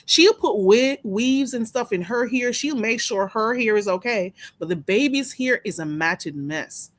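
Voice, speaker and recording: Woman, live-stream host, lively swooping pitch, dry close sound, gossipy, laughs a lot. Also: unhurried, no room sound. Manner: chatty, gossipy, laughs often, reads out chat names. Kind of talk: casual live-stream chat with viewers.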